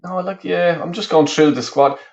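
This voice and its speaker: A man's voice: fairly high pitch, steady tone, moderate pace, vocal fry, darkish tone. Chatty Dublin-accented man on a dull recording. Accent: Dublin Irish. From west of Ireland. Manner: chatty, rambling, frequent swearing and restarts. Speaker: football watch-along streamer. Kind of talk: live watch-along commentary.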